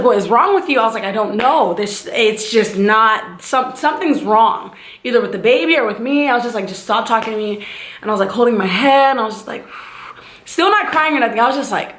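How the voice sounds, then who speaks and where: A young woman tells a casual storytime with lots of animation, jumping into other people's voices as she goes. Her voice sits fairly high. The room around her is echoey. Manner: animated, acts out voices and sound effects. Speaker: vlogger.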